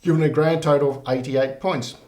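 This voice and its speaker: Male reviewer, slightly high voice, relaxed and rambling, roomy echo. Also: a little fast, a little hiss or hum. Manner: relaxed, rambling, many fillers. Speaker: whisky reviewer. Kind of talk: casual tasting review.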